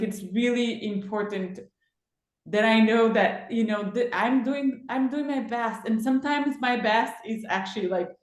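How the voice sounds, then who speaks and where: A woman, a parent on a discussion panel, speaking slowly and openly from the heart. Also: on the high side. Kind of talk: roundtable discussion. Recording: echoey room.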